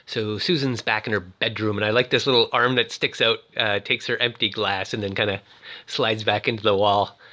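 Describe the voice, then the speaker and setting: A man talks through a movie in a casual, joking way, often breaking into exclamations. His bright voice swoops up and down, and his pitch sits in the middle range. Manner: animated, exclaiming, jokey. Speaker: movie reviewer.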